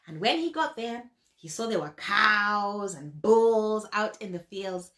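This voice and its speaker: A woman storyteller narrating a folk tale in an animated way, with sound effects and vivid emphasis. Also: mid-range voice, slow.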